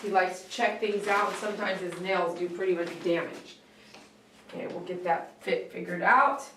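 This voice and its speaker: A woman's voice: on the low side, fairly even intonation, moderate pace, reverberant, background noise. A woman hosting a live stream, opening gifts in an emotional, tearful way and laughing often. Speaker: host of a pet grooming channel.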